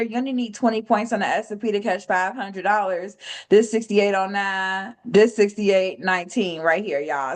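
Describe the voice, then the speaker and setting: Slangy, chatty woman teaching trading. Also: mid-range voice. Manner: loose, slangy and chatty, swears freely; animated when retelling stories, voice jumps up. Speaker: trading mentor. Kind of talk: casual teaching session on a call.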